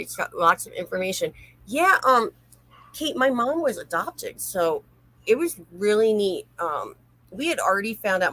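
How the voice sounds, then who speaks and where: A woman's voice: lowish voice, gravelly, sharp tone, slightly rough, low-quality recording. A woman hosting a casual late-night livestream, reading viewer comments aloud and chatting, laughing easily. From North Carolina, USA. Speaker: livestream host.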